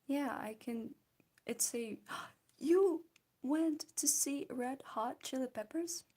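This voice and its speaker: A woman's voice: sits high, slow pace, dark tone. A young woman streaming while she draws, chatting casually with her viewers, giggling often and answering their comments. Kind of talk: casual chat while drawing.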